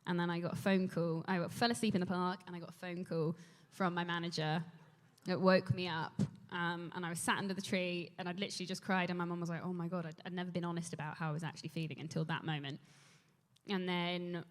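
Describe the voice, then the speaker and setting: An actress telling a rambling, animated story on a convention panel, laughing often. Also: female voice, on the low side, fast. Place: large convention hall. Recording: echoey convention hall.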